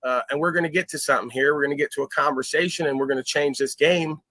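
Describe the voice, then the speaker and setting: A man hosting a livestream, ranting in a profane, boastful way that jumps between loud outbursts and low muttering. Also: fast, no echo. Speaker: livestream host.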